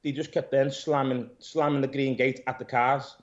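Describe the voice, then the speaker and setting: A man, an interview guest who owns a gym, retelling events in a rambling, animated way, swearing and calling people "mate". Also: medium pitch, normal speed. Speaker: interview guest, gym owner and pro bodybuilder. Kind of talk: casual storytelling interview. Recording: dull lo-fi audio.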